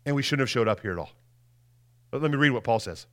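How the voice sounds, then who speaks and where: A male pastor giving an Easter Sunday sermon in a casual, animated way, often repeating words and asking "right?", moving between loud emphasis and hushed lines. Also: medium pitch, quick pace.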